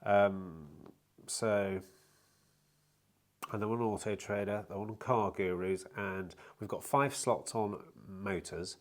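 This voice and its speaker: A middle-aged man with a cold, a bit chesty, talks slowly to camera in his used car dealer vlog. His voice is on the low side and there's no echo; he meanders in a matter-of-fact tone, restarting thoughts and letting slip the occasional swear word.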